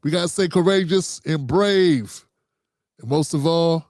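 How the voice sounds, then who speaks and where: A man's voice: a little high, a little slow, a little mellow, dry recording, clean studio sound. A middle-aged man hosts a casual livestream commentary show in a loose, conversational way, calling his viewers fam.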